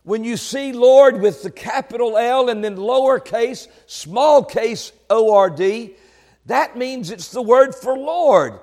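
A male preacher delivering a sermon, swinging between quiet, conversational asides and loud, shouted proclamations. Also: extremely high pitch, expressive, takes it slowly, long reverb tail.

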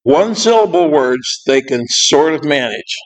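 A man who volunteers in prison ministry, speaking informally to a church group in a halting, plainspoken way, with many asides. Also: a little high, animated, low-quality recording. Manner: rambling, plainspoken, full of asides; halting, with frequent pauses. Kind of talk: informal church talk to a congregation.

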